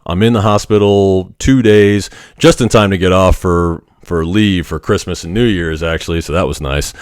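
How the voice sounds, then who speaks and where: Low-voiced man telling a frank story. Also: clear, resonant tone, dry recording, clean studio sound. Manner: frank, animated, occasionally profane. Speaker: podcast host. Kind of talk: casual storytelling monologue.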